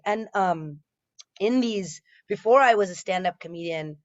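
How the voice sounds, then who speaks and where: A woman's voice: medium pitch, a little slow, dry recording, muffled recording. A woman in her thirties telling stand-up stories in a chatty, self-deprecating way, with many fillers and restarts. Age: 30s. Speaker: stand-up comedian. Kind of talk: stand-up storytelling set.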